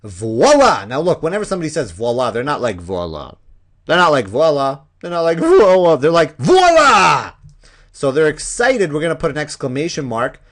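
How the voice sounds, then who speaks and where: Man teacher, lively up-and-down voice, slightly high, playful, walks through examples. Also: fast talker. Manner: animated, playful, acts out examples. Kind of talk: explaining a punctuation lesson.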